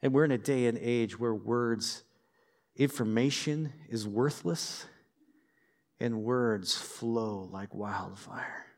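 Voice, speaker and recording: A man preaching a sermon in a conversational, lively way, with personal stories and light humor. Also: medium pitch, slow. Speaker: pastor.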